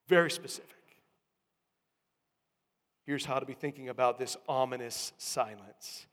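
A man's voice: mid-range voice, fairly even intonation, normal speed, vocal fry, long pauses. Reverberant preacher, a man. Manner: swings from hushed to loud emphatic calls. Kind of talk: sermon.

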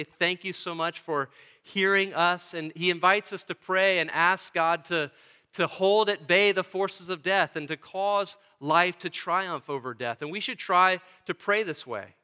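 A man's voice: sits high, sharp tone, smooth. A male pastor preaching a sermon in a church, earnest and emphatic, with touches of dry humor. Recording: long church reverb.

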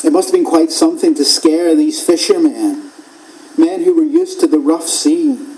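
A man preaching an expository sermon in a measured way, repeating phrases for emphasis and dropping to a hush at key points. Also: fairly high pitch, animated, rough recording.

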